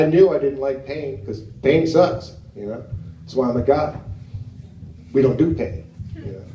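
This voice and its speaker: A man's voice: a little high, dark tone, a little hiss or hum. American man doing stand-up in a roomy club. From United States. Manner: halting, slow in places, with many fillers and asides to the crowd. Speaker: stand-up comedian. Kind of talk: stand-up comedy set. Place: live comedy stage. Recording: roomy venue sound from a distance.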